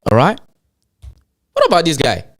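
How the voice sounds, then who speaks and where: A man with an African accent hosting a show, talking to his audience in an animated rant full of rhetorical questions. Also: a little high, moderate pace. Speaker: show host. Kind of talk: animated ranting commentary.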